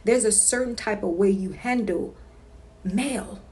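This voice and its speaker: A woman's voice: mid-range voice, measured pace, mellow. A woman talking straight to her viewers in a casual home vlog. She is emphatic and repeats herself, and she keeps checking in with "okay?". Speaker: consumer-rights vlogger. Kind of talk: casual instructional monologue.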